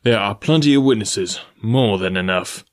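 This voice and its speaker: A man's voice: mid-range voice, moderate pace, lightly acted. A man voicing a brusque, domineering young male suitor in an audiobook. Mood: insistent. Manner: brusque, demanding.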